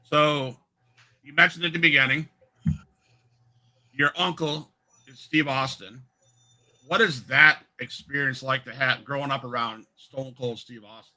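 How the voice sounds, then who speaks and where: A man hosting a casual interview, asking questions in a relaxed, agreeable way. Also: mid-range voice, measured pace, long pauses, rough recording. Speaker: interview host.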